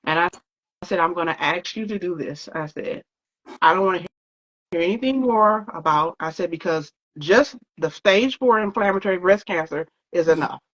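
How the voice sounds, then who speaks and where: A woman with a slightly low voice recounts her story in an interview. She talks in a loose, conversational way, full of fillers and quoted exchanges. The recording sounds dull and lo-fi. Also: normal speed. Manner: conversational, often quoting others, many fillers.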